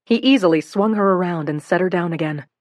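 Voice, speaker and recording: A woman reading a novel aloud as an audiobook narrator, in an expressive, steady storytelling way. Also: lowish voice, a little fast, dry recording, studio quality. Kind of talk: scripted narration.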